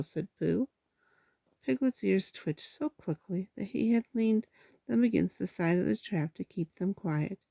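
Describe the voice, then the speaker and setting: A woman reads a children's storybook aloud at an even, gentle pace, sometimes stumbling over a word. Her voice is warm and mellow with a gravelly edge. The sound is close and dry. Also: fairly low pitch, unhurried, no room sound. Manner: steady, gentle storytelling with small slips.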